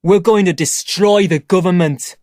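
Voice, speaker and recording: A reader voicing an angry, defiant young man who shouts at his father in a graded-reader audiobook. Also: mid-range voice, moderate pace, no echo, studio quality, lightly acted. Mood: furious.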